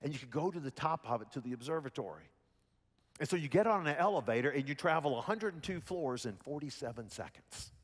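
Southern pastor preaching in a reverberant hall. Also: male voice, on the high side, fast talker, breathy edge. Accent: Southern American. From Alabama. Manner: folksy storytelling, animated quoted voices. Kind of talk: sermon. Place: church sanctuary.

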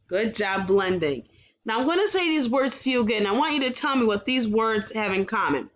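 A woman teaches young children a phonics lesson, sounding out words slowly and giving frequent praise. Her voice is on the high side and animated.

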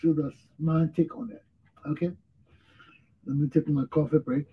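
A man's voice: fairly high pitch, little pitch movement, normal speed, husky, narrow, tinny audio. A male talk show host, tired and yawning, giving blunt, repetitive commentary on his own. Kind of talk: casual solo commentary.

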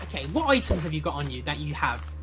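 A man's voice: on the high side, big pitch swings, quick pace, background noise. A young man co-hosting a gaming video, chatting casually and playing at being offended with mock sarcasm. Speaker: gamer co-host. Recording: game music behind.

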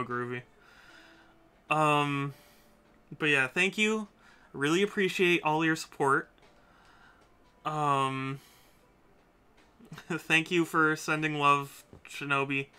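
A man's voice: fairly high pitch, fairly even intonation, slow pace, pauses often, pushed and bright, smooth. A man chatting casually on a live stream while playing a game, often repeating himself and scolding himself. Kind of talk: casual live-stream chat over gameplay.

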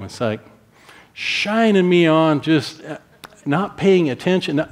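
A man's voice: fairly high pitch, animated, slow pace. A middle-aged man preaching a sermon as pastor, telling a family story and acting out his own stern words to his child.

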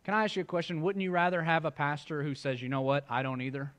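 A man's voice: on the high side, flat delivery, fast, a bit bright. A male pastor preaching a sermon in a church, in a conversational style with joking asides to the congregation. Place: church sanctuary.

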